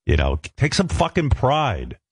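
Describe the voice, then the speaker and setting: A man's voice: medium pitch, wildly swooping pitch, unhurried, vocal fry, husky, no echo, clean studio sound. A man hosting a radio show, telling blunt, profane stories in casual talk. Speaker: radio host.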